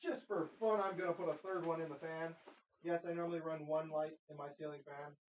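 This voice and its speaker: A man's voice: fairly high pitch, steady tone, brisk, slight background noise. A man rambling casually at home while filming a tech vlog, talking to his gear and wandering off on tangents, recorded on a handheld camera. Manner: chatty, talks to objects, many tangents. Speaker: tech vlogger. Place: room at home. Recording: roomy, distant, dull camera audio.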